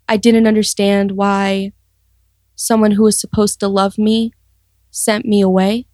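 A woman's voice: mid-range voice, a little mellow, no echo, studio quality. Earnest young woman sharing her story. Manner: earnest, reflective, halting with restarts. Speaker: guest sharing testimony. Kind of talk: personal testimony interview.

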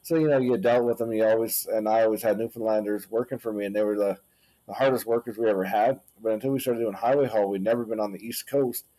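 A man with a low, warm, mellow voice. He talks casually as a podcast guest, circling his thoughts with fillers and asides. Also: steady tone, fast talker. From Canada. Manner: rambling, thoughtful, many fillers like "kinda thing". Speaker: guest, former owner-operator trucker.

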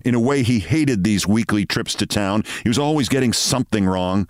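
Low-voiced man reading a story, dry. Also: lively intonation, normal speed, hardly any pauses, no room sound. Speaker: host reading a short story.

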